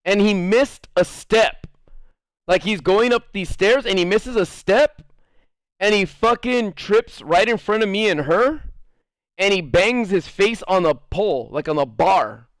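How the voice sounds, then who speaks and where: A man's voice: high-pitched, expressive, a little slow, no echo, studio quality. A man streaming and casually telling a story to his chat, rambling with lots of fillers, cursing and laughing often.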